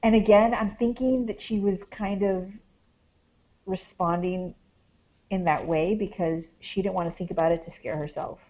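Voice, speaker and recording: A woman's voice: medium pitch, steady tone, normal speed, warm tone, muffled recording. A woman, a paranormal investigator, talks casually as a podcast guest, rambling with many fillers as she tells a story. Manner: rambling, heavy on "like" and "um".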